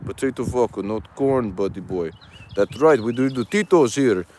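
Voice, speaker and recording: A man doing a swaggering Russian vodka man, mock accent, broken English, lively swoops. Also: medium pitch, moderate pace, slight background noise, pitched below the performer's own voice, lightly acted. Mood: boastful. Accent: put-on Russian. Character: boastful hard-drinking Russian man, brash and mocking.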